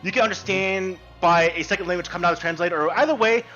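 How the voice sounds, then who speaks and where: A man running an online tabletop role-playing game as game master, explaining rules in a quick, casual way. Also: sits high, bright, forceful tone, dull audio, faint music behind.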